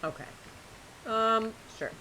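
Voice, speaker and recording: A woman's voice: a little high, takes it slowly, pushed and bright, slight background noise, rough recording. A woman streamer chatting casually to her viewers while she plays a game, chatty and self-mocking, often laughing at herself.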